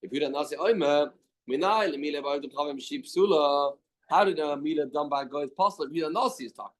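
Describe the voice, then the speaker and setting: A man's voice: fairly high pitch, fast. A man teaching a Talmud class in a study hall, reading out the text and then explaining it plainly with many questions.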